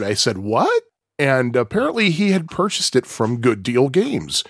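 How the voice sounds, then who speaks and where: A man's voice: medium pitch, dry recording, studio quality. A man hosting a casual solo podcast at home, chatty and digressive with plenty of filler ums and uhs. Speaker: podcast host.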